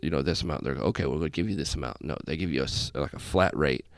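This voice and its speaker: A man's voice: rumbling low, fast talker, creaky, no echo. A man hosting a casual solo podcast, talking in a rambling, self-deprecating way with frequent tangents, from a small room. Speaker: podcast host, airman. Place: small room with festive lights. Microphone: desk setup in front of laptop.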